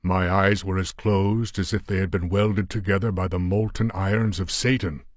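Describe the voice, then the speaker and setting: A man voicing a big, battered, pious Afghan warrior who speaks in a croaking voice and formal, old-fashioned phrases. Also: deep voice, fairly even intonation, normal speed, dry recording, lightly acted. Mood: earnest. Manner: formal archaic speech, fervent exclamations.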